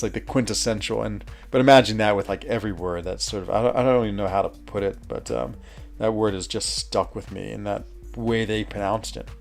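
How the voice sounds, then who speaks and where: A man's voice: fairly low pitch, gravelly. A man with an American accent, chatting casually with viewers as a streamer, rambling with many fillers and restarts. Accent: American, with a West Virginia lilt. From United States.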